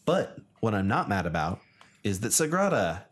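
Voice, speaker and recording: A man from the United States, co-hosting a casual chat, chatty and quick to laugh. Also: on the low side, very animated, slightly rough. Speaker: co-host.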